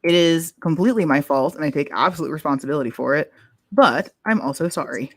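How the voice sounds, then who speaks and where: A woman co-hosting a casual podcast chat, frank and wry, speaking quickly and swearing casually. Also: deep voice, slightly rough, no room sound, studio quality. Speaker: co-host.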